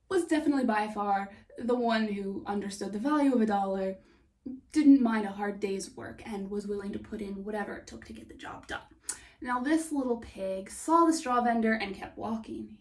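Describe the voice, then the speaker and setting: Softly whispering woman telling a fairy tale. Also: on the high side, distant mic. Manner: hushed, often whispering, unhurried. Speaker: storyteller. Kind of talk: soft whispered storytelling.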